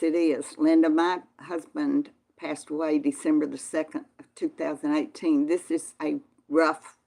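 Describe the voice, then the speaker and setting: Folksy Southern woman host, lowish voice, chatting live with viewers. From Texas. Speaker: channel host reading live chat. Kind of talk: casual live-stream chat.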